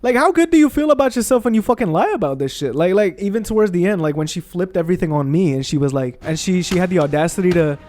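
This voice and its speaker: A man's voice: high voice, expressive, fast talker, hardly any pauses, a little mellow. A young man venting heatedly, with plenty of swearing, while playing a video game. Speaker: gaming video creator.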